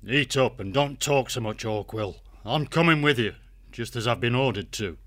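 A man playing a grave, protective young male badger warrior who speaks in an earnest, steady way, in a full-cast audiobook. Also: medium pitch, moderate pace, natural voice. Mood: gruff.

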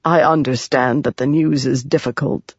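A narrator voicing a proud, scheming male high prince in an audiobook, speaking smoothly and formally with false sorrow. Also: steady tone, moderate pace, no echo. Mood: grave. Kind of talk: audiobook character voice. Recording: dry, dull lo-fi sound.

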